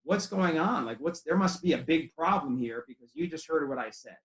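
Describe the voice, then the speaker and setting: Man, chiropractic coach, conversational, anecdotes, higher voice, echoey room. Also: lively intonation, fairly quick. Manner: conversational storytelling with acted quotes. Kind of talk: training talk to chiropractors.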